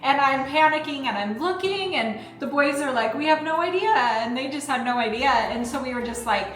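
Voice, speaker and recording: A woman's voice: high-pitched, normal speed. A woman in her thirties, a mother and channel host, chatting casually while eating and telling stories with lots of "like"s and restarts. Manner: chatty, many likes and restarts, animated storytelling. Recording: echoey room with music behind.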